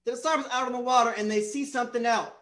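A man preaching a Bible-study sermon, lively and theatrical, acting out voices of people in the stories. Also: very high-pitched, fast. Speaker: preacher and teacher.

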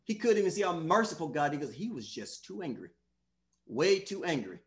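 A man's voice: a little high, big pitch swings, brisk. A man preaching a sermon, emphatic and repetitive, speaking directly to the congregation.

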